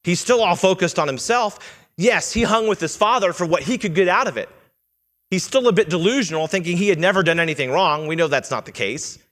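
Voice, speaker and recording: Preaching a little fast with lively intonation, a man whose voice sits high and a bit bright addresses a church congregation with questions. His earnest, teaching sermon includes quoted lines read in character, echoing in the sanctuary's long reverb.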